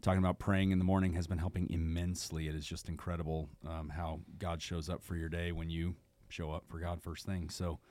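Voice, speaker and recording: A man co-hosting a podcast, speaking in a measured, reflective way. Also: deep voice, flat delivery, a little mellow, dry recording. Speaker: podcast co-host. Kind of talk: casual chat.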